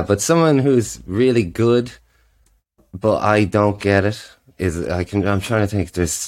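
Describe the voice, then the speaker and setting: Male singer-songwriter guest, low voice, rambling, casual podcast chat. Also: a little mellow. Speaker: guest musician.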